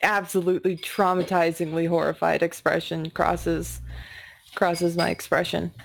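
A woman's voice: on the low side, flat delivery, a little slow, creaky, slight background noise, poor audio. A woman playing a tabletop game, thinking aloud hesitantly in casual talk. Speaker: player. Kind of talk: casual tabletop role-play.

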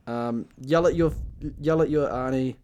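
A man's voice: mid-range voice, measured pace, darkish tone. A young man, co-hosting a podcast and rambling through casual chat. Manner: rambling, many fillers and restarts. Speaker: podcast co-host.

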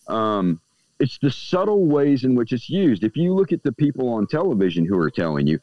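Puffing on a cigar, this podcast guest discusses everyday magic casually, performing the voices of those he quotes. His medium pitch swings hugely and he speaks fairly quickly, captured in dull, dry, lo-fi sound without any room sound.

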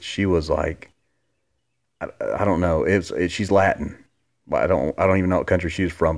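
A man in his forties hosting his own podcast, telling a loose, rambling story with casual swearing. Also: darkish tone. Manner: laid-back, rambling, profanity, jumps up high quoting others. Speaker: podcast host.

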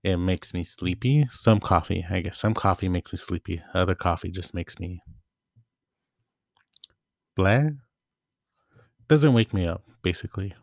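A man's voice: sits low, gravelly, no echo, clean studio sound. A young man hosting a casual solo podcast, chatty and rambling, often stopping to restart his thoughts. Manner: rambling, self-interrupting, chatty. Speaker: podcast host.

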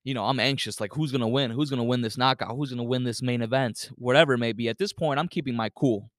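A man's voice: mid-range voice, fast, no echo, clean studio sound. A man hosting a podcast, telling a story in a loose, casual way, swearing often and filling gaps with "you know". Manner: loose, profane, filler-heavy with many "you know"s. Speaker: podcast host.

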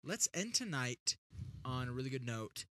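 A man's voice: mid-range voice, very animated, moderate pace, bright, forceful tone, dry recording. A man hosting a podcast, chatty and upbeat, encouraging his listeners. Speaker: podcast host. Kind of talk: casual podcast chat.

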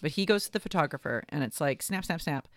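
A woman's voice: deep voice, lively intonation, quick pace, dry recording. Rambling woman with a dry sound. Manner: rambling, hedging with fillers. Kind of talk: casual chat.

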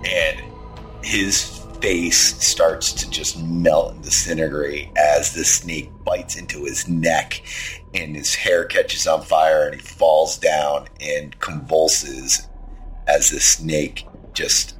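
A man's voice: extremely low pitch, flat delivery, takes it slowly, husky, faint music behind. A man running a tabletop game as game master, narrating the action in an easygoing way. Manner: easygoing, descriptive, laughs often.

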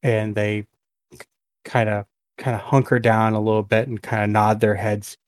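A man's voice: fairly low pitch, flat delivery, normal speed, no room sound, studio quality. A man narrating a tabletop game as game master, hesitant with many fillers and restarts.

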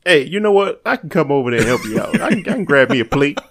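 A man's voice: on the high side, big pitch swings, quick pace, fairly bright tone, slight background noise. A man talks in casual podcast banter. His tone is laid-back and he teases his co-hosts. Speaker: podcast co-host.

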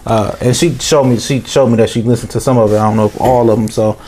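A man's voice: medium pitch, steady tone, fast, warm tone, slight background noise. A man co-hosting a podcast in casual chat, rambling and joking, hesitating with many fillers. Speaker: podcast co-host.

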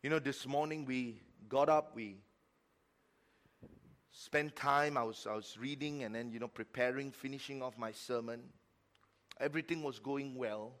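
A middle-aged man preaching a sermon as pastor, telling a story with emphatic repetition and sudden swings between loud and quiet. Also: mid-range voice, normal speed. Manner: repeats words for emphasis.

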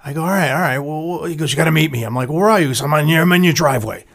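A man's voice: fairly high pitch, very fast, creaky, crowd noise. A man chatting casually and telling a crude, profanity-filled story. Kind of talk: casual chat.

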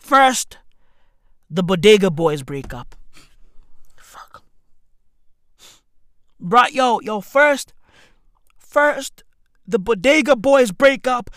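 A man, delivering a profane, slang-filled comedic rant and often breaking into shouts. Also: very high-pitched, no echo, clean studio sound. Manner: loud swearing slang-heavy, jumps to shouts. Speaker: comedic ranter.

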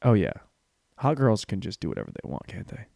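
A man's voice: on the low side, wildly swooping pitch, a little fast, gravelly, dark tone, no echo, clean studio sound. A man hosting a podcast, rambling crudely through a comedic monologue, with cluttered speech where his words tumble together, laughing at his own jokes. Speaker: podcast host. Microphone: studio mic on a stand.

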